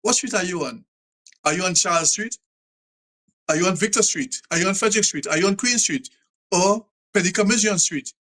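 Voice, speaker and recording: Speaking fairly quickly in a high-pitched, sharp voice, a man from Trinidad and Tobago hosts a live talk show. He repeats himself in a preachy way, stirring listeners to love their nation.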